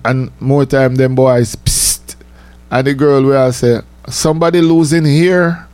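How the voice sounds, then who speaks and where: A man's voice: mid-range voice, a little mellow, no room sound. A man, telling a casual personal story, chatty and laughing often. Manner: chatty, laughing, repeats himself, says "you know" often.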